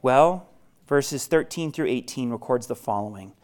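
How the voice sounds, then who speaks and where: Delivering a sermon, this pastor addresses his listeners in a conversational way, swinging from forceful volume down to barely above a whisper. He sounds animated, with a medium pitch and a normal speaking speed.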